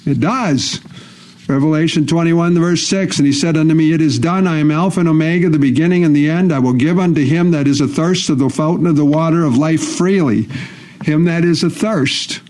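A man's voice: a little high, a little fast, darkish tone. A man preaching a sermon, reading scripture verses aloud and repeating key phrases for emphasis.

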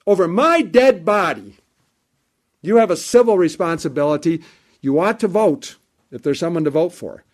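Impassioned high-voiced male preacher. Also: sing-song, measured pace, pauses often. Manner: impassioned preaching, swells high and loud then drops low and soft; repeats phrases for emphasis. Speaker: pastor. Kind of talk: sermon.

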